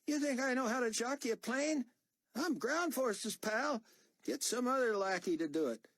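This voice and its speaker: Guy doing a cocky young army kid, high, yappy, talks back. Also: animated, normal speed, a bit bright, full character voice. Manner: mouthy, slangy. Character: brash young male soldier, cocky and insolent.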